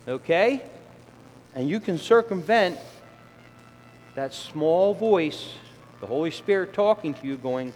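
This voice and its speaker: A man's voice: a little high, expressive, slow pace, long pauses, darkish tone, soft background music. A middle-aged man preaching a conversational sermon who acts out the voices of sinners and children. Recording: long hall reverb, faint ambience.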